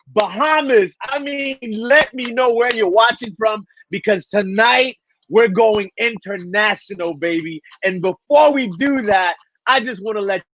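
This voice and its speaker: A man hosting a livestream talk show, hyping up his audience and shouting out introductions. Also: high voice, dry recording, lo-fi sound. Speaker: livestream host.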